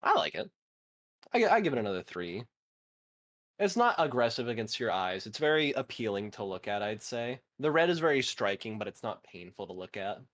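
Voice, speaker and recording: A man's voice: on the low side, very animated, brisk, a bit bright. A man in his twenties chatting casually with a friend, swearing now and then and reading facts aloud. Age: 20s. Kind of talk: casual chat.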